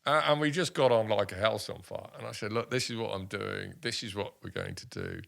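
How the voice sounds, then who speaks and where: A man in his sixties from the United Kingdom, an army veteran telling stories in an interview, animated and full of restarts. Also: lowish voice, fairly quick, vocal fry. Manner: animated anecdotes with many restarts and voiced quotes. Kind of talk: casual storytelling interview.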